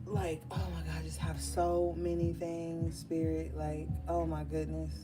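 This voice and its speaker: A woman's voice: sits low, completely flat delivery, unhurried. A woman tarot reader chatting casually and bluntly on a livestream, swearing and laughing often. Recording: music playing behind.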